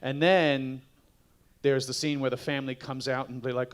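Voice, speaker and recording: A middle-aged actor on a fan panel, telling casual anecdotes and acting out the lines of other people. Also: male voice, mid-range voice, normal speed. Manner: animated, acts out quotes. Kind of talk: casual storytelling Q&A.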